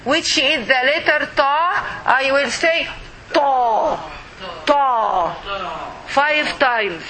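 Slow, high-voiced woman teaching a class. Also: animated, crowd noise, poor audio. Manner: slow, patient, repeats sounds for the class to copy. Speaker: Arabic teacher. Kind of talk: classroom lesson.

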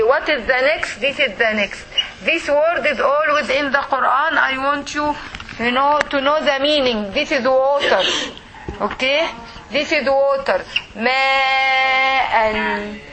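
A woman leads a recitation lesson, breaking words into slow syllables for her students. Her voice is high and bright. Faint noise sits behind her. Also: rough recording. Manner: patient, repeats words slowly syllable by syllable. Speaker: Quran reading teacher.

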